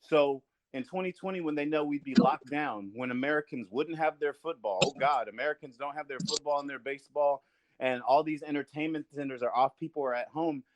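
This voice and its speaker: A man's voice: a little high, brisk, no room sound. Earnest man hosting a podcast. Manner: earnest, builds up with repetition. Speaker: podcast host. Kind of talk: casual discussion.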